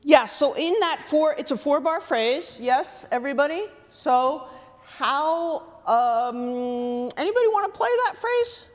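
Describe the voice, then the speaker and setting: Woman band clinician, slightly high voice, keeps asking the kids questions, long echoey theatre sound. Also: a little slow. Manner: lively, questioning, encouraging. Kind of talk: rehearsal coaching. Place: large theatre stage. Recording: long hall reverb.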